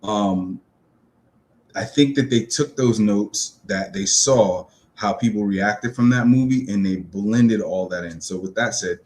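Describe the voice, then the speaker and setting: Low-voiced New man, chatty reviewer. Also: unhurried, a little mellow. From New York City. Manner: loose and chatty, lots of ums and uhs, upbeat. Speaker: movie reviewer. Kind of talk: casual spoken film review.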